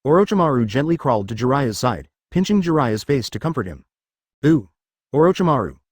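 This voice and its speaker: A man narrating a web-novel audiobook in a steady read-aloud manner. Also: medium pitch, fast talker, no room sound, clean studio sound.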